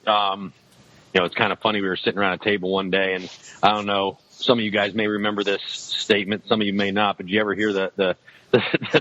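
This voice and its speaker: A man's voice: on the low side, fairly bright tone, dry recording. A man, a guest on a podcast, talking casually about his outdoor show. He rambles, restarting his sentences and filling them with "you know" and "um.". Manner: rambling, many restarts and fillers. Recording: slightly dull lo-fi sound, faint noise.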